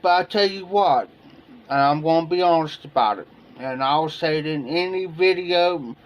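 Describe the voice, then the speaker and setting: An American man chats on his live stream, spinning a long anecdote and voicing both sides of the exchange. His voice sits high and his delivery is slow and drawn out, full of repeats and asides. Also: dull audio. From United States. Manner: rambling anecdotes, repeats himself, acts out dialogue. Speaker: livestream host. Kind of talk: casual storytelling chat. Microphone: streaming setup, live video.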